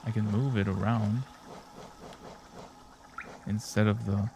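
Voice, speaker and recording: A man's voice: fairly low pitch, little pitch movement, slow pace, vocal fry, dark tone, slight background noise. A man live-streaming a game, chatting casually and joking with his chat. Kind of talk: live gameplay commentary.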